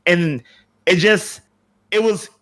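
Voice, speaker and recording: A man's voice: sits high, slow, fairly bright tone. A man co-hosting a podcast, telling a rambling story with lots of fillers and restarts in casual chat. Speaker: podcast co-host.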